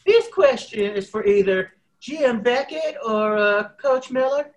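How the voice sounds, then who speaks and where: A man's voice: very high voice, lively intonation, unhurried, pitched above the performer's own voice, low-quality recording. A man reading as a hesitant female reporter. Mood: earnest. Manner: hesitant, with fillers. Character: female reporter asking a question. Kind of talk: casual script read-aloud.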